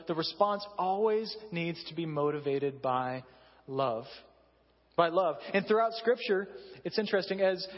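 A man with a high, light voice preaches casually, telling stories about himself. The sound is dull and lo-fi, with a long reverb from a large hall. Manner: conversational, self-deprecating storytelling. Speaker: pastor. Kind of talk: sermon.

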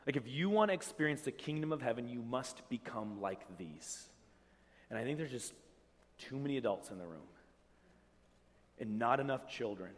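A man delivers a sermon in a conversational, animated way, slipping into acted-out quotes. His voice sits at an ordinary middle pitch. Long reverb from the church hall trails behind him. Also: normal speed, pauses often. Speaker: pastor.

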